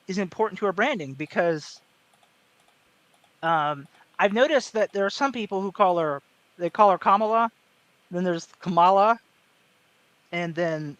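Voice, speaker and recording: A man speaking in an articulate, measured way during a casual panel chat, with no regional accent. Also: high voice, sharp tone, no echo. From American South. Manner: articulate, measured, with many fillers and restarts. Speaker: panel guest.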